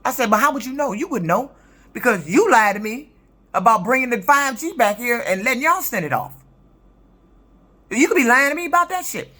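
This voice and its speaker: A woman's voice: fairly high pitch, lively intonation, fairly quick, sharp tone. A woman in her fifties, a truck driver, telling a story in an indignant, profane, emphatic rant for her vlog. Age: 50s.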